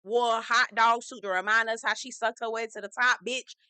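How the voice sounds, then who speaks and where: A woman recapping a reality show in a sassy, profane, gossipy way, acting out quotes with animated flair. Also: a little high, a little fast, clear, resonant tone, no echo. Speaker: reality TV reviewer. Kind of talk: casual recap vlog.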